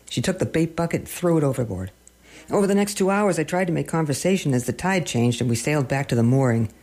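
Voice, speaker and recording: A man's voice: a little high, vocal fry, darkish tone. A man narrating a humorous story in a dry, wry storytelling manner.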